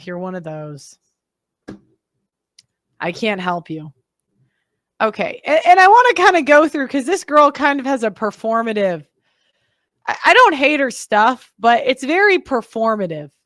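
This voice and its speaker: A woman's voice: on the high side, big pitch swings, moderate pace, a bit bright, no echo, studio quality. A woman hosting a reaction show, talking in a candid, blunt way that rambles and interrupts itself. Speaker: host. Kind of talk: reaction commentary.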